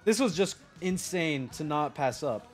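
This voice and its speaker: A young man chatting on a live stream, rambling excitedly, swearing and talking to his chat. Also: fairly high pitch, unhurried, faint music behind.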